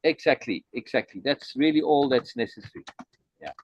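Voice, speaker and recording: Man, teaching talk, emphatic, repeats key points, asks "right?", mid pitch, muffled dry sound. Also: expressive, a little fast, a little mellow. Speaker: teacher leading a study session. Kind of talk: teaching talk, explaining a text.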